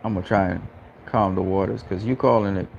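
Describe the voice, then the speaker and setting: A man's voice: low voice, steady tone, brisk, gravelly, darkish tone, a little hiss or hum. A man hosting a casual live stream, talking earnestly and repeating himself with stammering restarts. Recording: lo-fi, faint background ambience.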